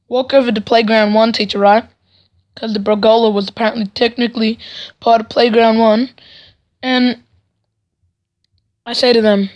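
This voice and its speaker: A teenage boy rambles through a vlog story with sarcastic asides. His voice sits fairly high. He keeps checking in with "right?" as he goes. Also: level tone, unhurried, long pauses. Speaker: vlogger.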